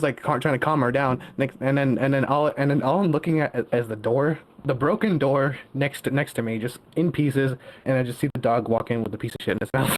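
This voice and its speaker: A man's voice: mid-range voice, brisk. A young man telling a workplace story in casual chat, often laughing and restarting his sentences. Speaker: guest caller.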